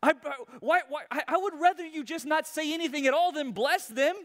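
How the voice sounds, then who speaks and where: A preacher acting out a frantic, shrill king. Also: a little fast. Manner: shrill, pleading, rising to near shouts. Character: exasperated male king, demanding and frantic.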